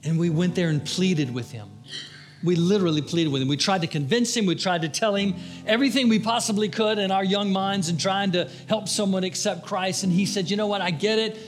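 An older man preaching a fervent sermon, his voice pitched high as he presses his appeals, then sinking to hushed pleas. A faint guitar plays softly underneath him. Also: brisk. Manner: impassioned preaching, rising and dropping to hushed tones. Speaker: pastor.

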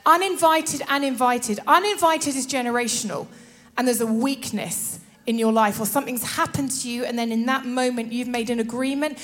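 A woman preaching a sermon in a lively way, often laughing and acting out little scenes. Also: on the high side, normal speed.

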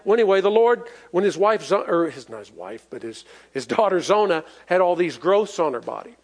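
A male preacher with a high-pitched voice delivers a sermon in a folksy, emphatic style. He draws the congregation into call-and-response and chuckles between his points. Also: very animated, brisk.

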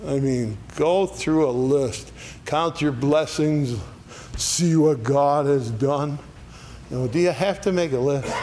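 A man's voice: a little high, darkish tone, slight background noise. A man teaching an adult Sunday school Bible lesson in a church classroom, folksy, often checking in with "all right?". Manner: folksy, asks "all right?" after each point.

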